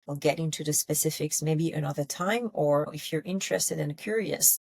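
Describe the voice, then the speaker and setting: A woman podcast host and embodiment coach speaking reflectively in a solo episode, often pausing and restarting phrases. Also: low voice, vocal fry, a little mellow, breathy edge, dry recording.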